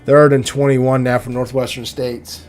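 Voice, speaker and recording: A man's voice: medium pitch, level tone, normal speed, slight background noise. A young man from Oklahoma doing joking play-by-play commentary on a video game football league, often laughing and stumbling over names.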